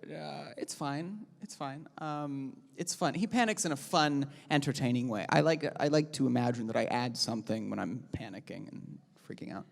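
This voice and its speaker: A man and voice actor chatting casually on a convention panel, animated and scattered, laughing often. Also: moderate pace, creaky. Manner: animated, high-pitched and all over the place, laughs a lot. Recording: convention hall reverb.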